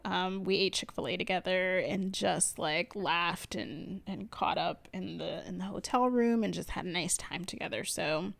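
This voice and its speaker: A chatty woman from Connecticut talks through her planner in a relaxed voiceover. Her voice has a gravelly fry, and her pitch sits in the middle. She rambles, laughs a lot and calls her listeners "y'all.". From Connecticut, USA. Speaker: planner vlogger. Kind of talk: casual voiceover narration. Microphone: voiceover mic.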